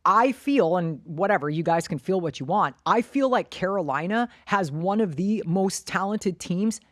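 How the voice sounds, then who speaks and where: A woman's voice: lowish voice, expressive, normal speed, dry recording, clean studio sound. A woman co-hosting a casual sports podcast, giving blunt, opinionated takes and swearing freely. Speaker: podcast co-host.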